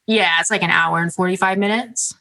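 A woman's voice: lowish voice, steady tone, a little fast, creaky, bright, forceful tone, low-quality recording. A young woman chatting casually as a podcast guest, with many "like" and "um" fillers. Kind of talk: casual interview chat.

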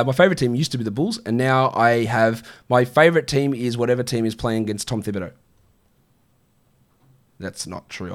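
A man hosting a casual live-stream show, answering viewer questions in a chatty, offhand way. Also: medium pitch. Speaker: fantasy basketball show host.

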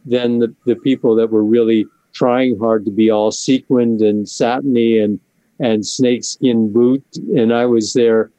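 Man, mellow dark voice, dry close sound, hesitant, self-deprecating. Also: mid-range voice, steady tone, unhurried, no room sound, dull audio. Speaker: band member. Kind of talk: casual interview talk.

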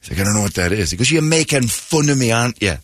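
Male morning host, animated and bright, dry close studio sound. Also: medium pitch, rapid-fire, dry recording. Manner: animated, laughing, puts on voices in quotes. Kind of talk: casual storytelling chat. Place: radio studio.

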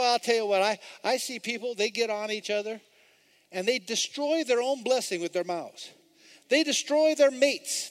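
In a church sanctuary, a male pastor with a high voice preaches a sermon, swinging between hushed, intimate passages and loud, repeated calls to the congregation.

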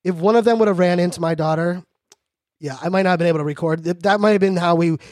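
High-voiced, high-energy joking man. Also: fast, darkish tone, dry recording. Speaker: podcast host. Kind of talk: casual monologue.

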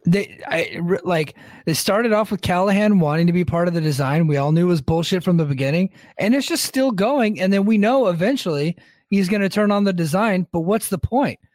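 A man hosting a casual wrestling recap podcast, relaxed, laughing often and swearing. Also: high-pitched, brisk, no echo, clean studio sound. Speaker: podcast host recapping a show.

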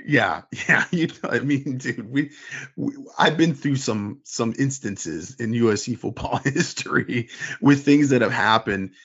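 Husky man rambling on a lo-fi podcast. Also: mid-range voice, a little slow. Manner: rambling, animated, mimics fans in quoted voices. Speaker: podcast co-host and forum moderator. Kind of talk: casual sports podcast chat. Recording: dull lo-fi sound.

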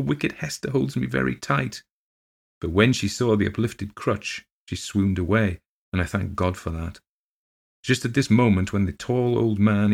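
A man narrating a ghost story as an audiobook reading, in a measured, steady storytelling manner with dramatic swells. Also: low-pitched, vocal fry.

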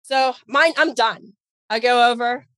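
A fairly high-voiced woman chats through a personal story, animated and loose, dropping the odd swear word. The sound is close and dry, with no room around her. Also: a little slow, clear, resonant tone, dry recording. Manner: animated, chatty, swears freely. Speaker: podcast guest. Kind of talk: casual storytelling.

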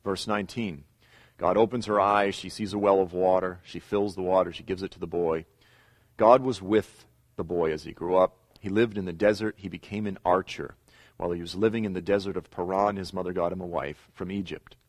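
A middle-aged man with a lowish voice gives a Bible lesson. He retells the scripture story with pauses and emphatic repeats. The sound is close and dry, with no room echo. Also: steady tone. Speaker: Bible teacher. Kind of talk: teaching lecture.

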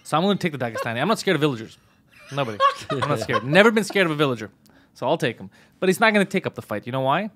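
A man's voice: on the high side, sing-song, very fast, noisy background. A man joking through a casual podcast chat, slipping into exaggerated voices. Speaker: podcast host.

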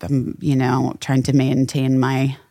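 With an extremely low-pitched voice and a slow pace, this podcast co-host tells stories in a relaxed conversation, bringing them to life by acting out others' voices. The recording is studio quality with no echo.

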